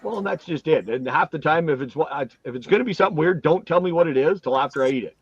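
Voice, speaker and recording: A man's voice: a little high, quick pace, breathy edge, no echo. A middle-aged Canadian man with a Canadian accent hosting a casual, joking chat. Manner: easygoing, joking banter. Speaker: host. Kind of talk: casual chat on a group video stream. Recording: dry, dull lo-fi audio.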